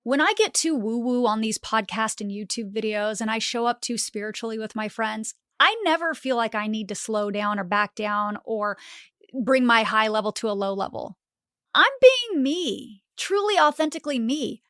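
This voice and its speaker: A woman's voice: fairly high pitch, moderate pace, smooth, no room sound, studio quality. A woman hosting a motivational podcast, talking animatedly and dropping in lots of "like" fillers. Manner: animated, acts out inner voices, frequent "like" fillers. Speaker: podcast host.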